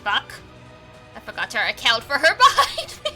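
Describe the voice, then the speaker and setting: A young woman streamer reacting to a visual novel with excitable, swearing, laughing commentary on a desk mic. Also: on the high side, normal speed, soft background music, low-quality recording. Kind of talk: casual game commentary.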